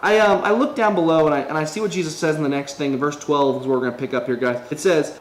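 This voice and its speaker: A man's voice: a little high, steady tone, fast, few pauses. A man giving a casual devotional video talk as an online preacher. He rambles in a conversational way, restarts often and acts out quoted voices. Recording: echoey room with faint ambient noise.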